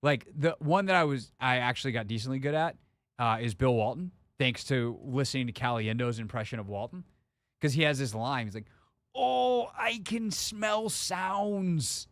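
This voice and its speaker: Chatty and upbeat, this man hosts a sports radio talk show, joking about impressions and attempting a few himself. His medium-pitched voice runs a little fast, captured on a studio microphone in a radio studio with no room sound.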